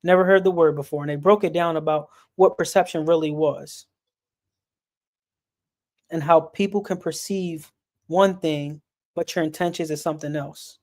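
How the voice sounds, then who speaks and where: A man on a sports and mental health stream speaks earnestly and casually about personal things, his slightly mellow voice pitched a bit higher than most men's. His intonation stays fairly even and unvaried at a measured pace, with frequent pauses and repeated words as he searches for his next thought.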